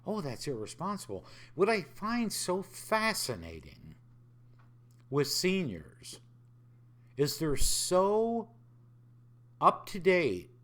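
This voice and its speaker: A man's voice: high-pitched, huge pitch swings, extremely slow, long pauses, a bit bright. A man hosting a podcast, talking in a casual reflective way, often asking rhetorical questions and voicing other people's lines in dialogue. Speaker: podcast host.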